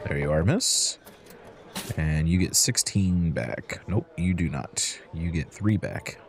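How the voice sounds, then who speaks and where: A man's voice: sits low, lively intonation, slow, gravelly, noisy background. A man hosting a let's-play, chatting to in-game customers as he serves drinks and counts out change. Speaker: gaming channel host. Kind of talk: relaxed let's-play commentary.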